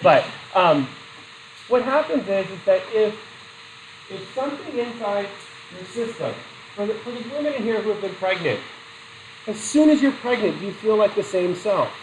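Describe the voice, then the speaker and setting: A man's voice: high-pitched, lively intonation, normal speed, a little hiss or hum, low-quality recording. A middle-aged man teaching a psychology class in a chatty way, asking the students questions and telling personal stories. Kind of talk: classroom lecture.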